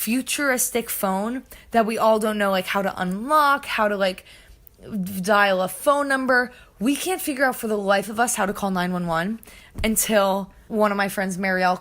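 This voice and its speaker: A woman's voice: mid-range voice, fairly bright tone. A young woman telling a long story in a casual, chatty way, filling it with "like" and acting out the people she quotes. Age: young adult. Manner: chatty, heavy on filler "like", acts out quoted voices. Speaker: podcast host.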